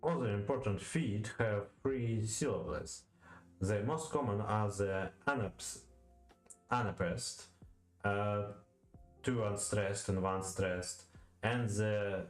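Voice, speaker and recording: Slow, deep-voiced man studying aloud. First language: Russian. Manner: hesitant, many fillers and restarts, repeats words. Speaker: language learner. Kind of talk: thinking-aloud study session. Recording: roomy echo, faint music behind.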